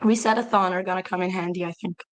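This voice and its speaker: A woman's voice: on the low side, fairly even intonation, quick pace. A woman joining a live reading stream as guest, chatting casually and playfully dreading the book's emotional parts. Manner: dramatic mock dread, playful. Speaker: guest co-host.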